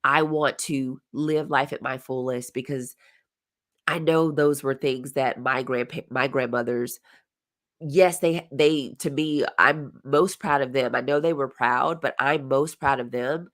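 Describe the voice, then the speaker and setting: A woman in her forties with a notably low voice speaks as a career coach on a live stream. She talks earnestly and from the heart, circling back to repeat key phrases for emphasis. Her delivery is a motivational talk aimed straight at her viewers. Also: fairly even intonation, unhurried, a bit bright.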